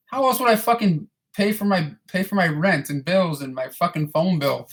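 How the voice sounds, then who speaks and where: A man's voice: high-pitched, moderate pace, a bit bright. A man in his thirties casually answering viewer questions, rambling and profane, often repeating and restarting his words. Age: 30s. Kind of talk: casual chat.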